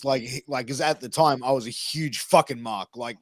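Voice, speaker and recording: A man's voice: medium pitch, moderate pace, a bit bright, no echo. A man, hosting a podcast and telling a long, sweary, rambling story. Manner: swearing, rambling anecdotes with acted quotes. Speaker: podcast host. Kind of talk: casual storytelling.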